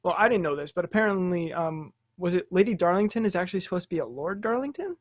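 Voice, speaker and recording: A man hosting a podcast in casual chat, playful, excitable and jokey. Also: high voice, fast, dry recording, studio quality. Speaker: podcast host.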